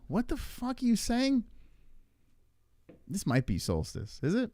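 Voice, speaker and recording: Male streamer host, casual and rambling, bouncy animated delivery, swears and laughs at chat; close dry mic. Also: very high-pitched, measured pace, long pauses, no room sound. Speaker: livestream host. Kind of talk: casual live-stream chat reading viewer comments.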